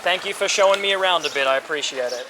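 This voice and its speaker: A man with a fairly high voice chats his way through a travel vlog, upbeat and easygoing, slowing down and keeping his words simple when he talks to locals. He is recorded outdoors on a handheld camera mic. Steady street noise and passing vehicles sit loudly behind him. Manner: upbeat, chatty, speaks slowly and simply to locals. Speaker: travel vlogger. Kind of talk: casual travel vlog chat. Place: outdoors at a street-side car yard.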